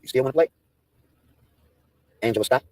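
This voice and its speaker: A man's voice: mid-range voice, fairly quick, no room sound. A man in a profane, taunting livestream rant, mocking and daring his targets.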